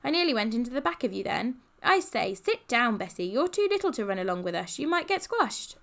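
A woman's voice: a little high, sing-song, a bit bright, voice pushed up. A woman voicing a bossy, old-fashioned posh schoolboy in an audiobook. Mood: brisk. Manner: clipped, brisk, scornful.

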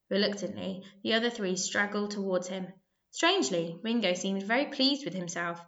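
A woman narrating a children's story aloud, lively and expressive, with small slips. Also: mid-range voice, normal speed, muffled recording.

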